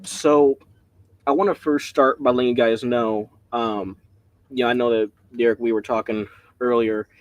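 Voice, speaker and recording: A man leading a casual Bible study, rambling and excitable, often breaking off mid-sentence, speaking from home. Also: mid-range voice, normal speed, dry recording. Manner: rambling, excitable, self-interrupting.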